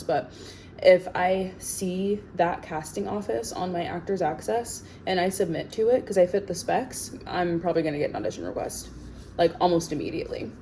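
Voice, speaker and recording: A woman actor chatting casually while baking in her home kitchen, sassy and full of "like" fillers, in a tired, lower sleepy voice. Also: dark tone, slight background noise, poor audio.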